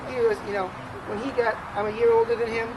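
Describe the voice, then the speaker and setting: A middle-aged man speaking at a memorial for an old friend, in a halting way with many restarts and fillers. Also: extremely high pitch, flat delivery. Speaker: friend giving a eulogy. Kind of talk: memorial tribute speech. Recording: loud outdoor urban background noise.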